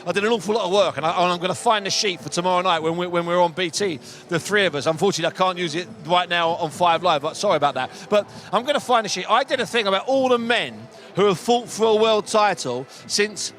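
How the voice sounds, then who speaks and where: A man's voice: sits high, animated, fast talker, few pauses, fairly bright tone, slight background noise. A man presenting casual boxing talk on radio, telling anecdotes and quoting people. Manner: anecdotal, quotes people in put-on voices.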